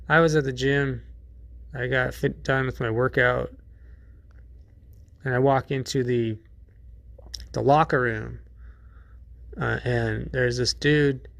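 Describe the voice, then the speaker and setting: A man's voice: medium pitch, steady tone, slow pace, creaky, long pauses, fairly bright tone, no echo. A man hosting a podcast in a casual monologue, rambling and profane, with many restarts. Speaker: podcast host.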